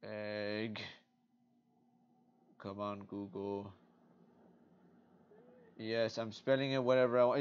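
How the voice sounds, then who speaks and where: Slow-talking sleepy man, lo-fi. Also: fairly low pitch, little pitch movement, clear, resonant tone. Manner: playful, talks to himself while browsing. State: sleepy, recording late at night. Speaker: card game video host. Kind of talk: casual rambling vlog. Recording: dull lo-fi recording.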